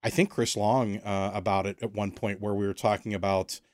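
An American man leads a casual interview. He talks thoughtfully and haltingly, circling back and restarting his phrases. The sound is dry and close. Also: fairly low pitch, little pitch movement, a little mellow, no echo. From United States. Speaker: podcast host.

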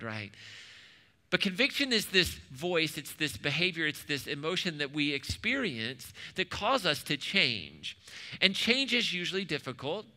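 A man preaching in a church hall, his voice bright, ringing and slightly high. He talks conversationally, slips in humor and keeps asking the room "right?". The recording carries a long, echoing reverb. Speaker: pastor. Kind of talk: sermon. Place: church sanctuary.

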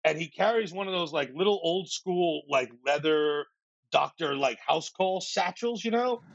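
A man with a slightly high, gravelly voice tells a lively story as a podcast guest. He acts out what other people said and stumbles over repeated words when he gets excited. The sound is dry and a little muffled. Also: normal speed, no room sound. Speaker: podcast guest, startup founder. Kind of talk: animated storytelling in a podcast interview.

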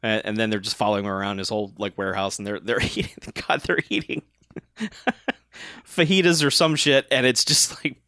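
A man's voice: on the low side, sharp tone, no room sound, studio quality. Laughing man retelling a movie. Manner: laughs often, acts out film lines in quick voices. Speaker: podcast co-host. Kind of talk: casual movie recap chat.

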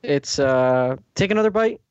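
A man's voice: a little high, lively intonation, normal speed, darkish tone, smooth, no room sound, highs cut off. Playful man hosting a podcast. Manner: playful, laughs often, teasing. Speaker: podcast host. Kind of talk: casual podcast banter.

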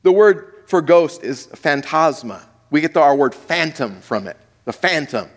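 A man delivers a sermon at an unhurried, deliberate pace in a fairly high voice. He turns dramatic, swelling loud and dropping hushed, and keeps putting questions to the congregation. His words trail off into a long, ringing church echo. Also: expressive. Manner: asks the audience questions. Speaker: pastor. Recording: echoey hall with long reverb.

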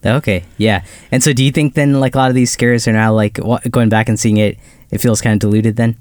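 A man co-hosting a film podcast, easygoing and quick to laugh. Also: medium pitch, fairly even intonation, darkish tone, no echo. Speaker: podcast co-host. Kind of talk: casual film review chat.

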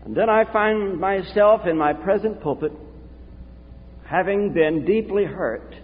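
A man preaching a sermon from the pulpit, earnest and confessional, with dramatic pauses. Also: high voice. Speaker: pastor. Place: church sanctuary. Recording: tinny, echoey hall recording.

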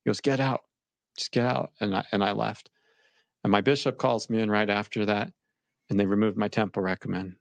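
Young man, low and gravelly, halting and shaken delivery, dry recording. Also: level tone, dry recording, dull audio. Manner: halting, repeats words, shaken. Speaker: interviewee recounting his experience. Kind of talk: emotional personal account.

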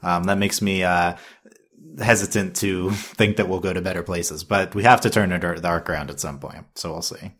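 Deep-voiced man rambling on a podcast. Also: steady tone, normal speed, a bit bright. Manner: rambling, self-correcting, laughs often. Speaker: podcast co-host. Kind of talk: casual chat.

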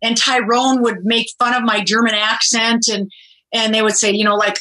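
Bright, animated woman telling stories. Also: a little high, fairly quick, poor audio. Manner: animated storyteller, laughs often. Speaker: guest, former reality show contestant. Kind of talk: casual podcast interview.

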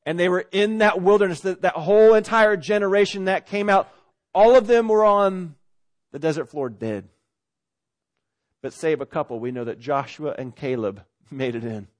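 A pastor delivers a sermon in an easy, chatty way. His voice sits a little high for a man. He pushes to loud, urgent peaks, then falls back to soft, low asides. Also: moderate pace. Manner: conversational preaching with sudden loud swells and quiet drops.

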